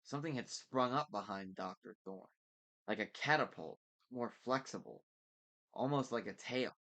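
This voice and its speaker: A man reading a novel aloud in a relaxed, casual way, stopping now and then to correct slips. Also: mid-range voice, normal speed. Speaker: book reader. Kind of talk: casual read-aloud narration.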